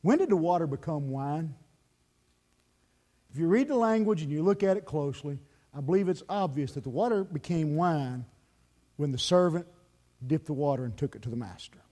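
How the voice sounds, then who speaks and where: A male pastor preaching a sermon in church, emphatic, swinging from loud pleading to hushed, earnest calls. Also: on the high side, animated, moderate pace, pauses often. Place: church sanctuary.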